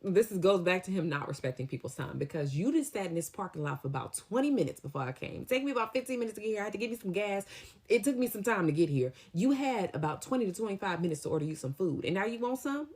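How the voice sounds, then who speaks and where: A young adult woman casually telling a storytime tale, in an animated, slangy way with lively acted-out quotes. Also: mid-range voice, fast talker, slightly rough. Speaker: storytime vlogger.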